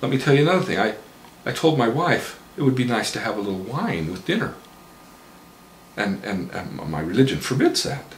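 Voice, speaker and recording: A man's voice: mid-range voice, sing-song, brisk, a little hiss or hum. A man in his forties voicing a frustrated husband who vents emphatically, in a roomy-sounding recording. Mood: aggrieved. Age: 40s. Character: frustrated middle-aged husband.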